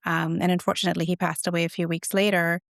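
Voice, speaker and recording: A woman's voice: lowish voice, level tone, fast talker, gravelly, no echo, clean studio sound. A middle-aged woman, a guest author, telling stories in an earnest, reflective way during an interview. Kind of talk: conversational interview.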